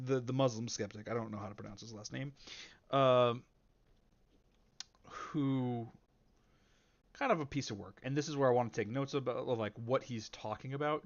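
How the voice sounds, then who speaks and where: A man's voice: medium pitch, vocal fry. A man talks through a debate clip in loose, casual commentary. He rambles and restarts sentences, padding his points with fillers. The recording sounds slightly dull and lo-fi. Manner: rambling, many fillers and self-corrections. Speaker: reaction channel host.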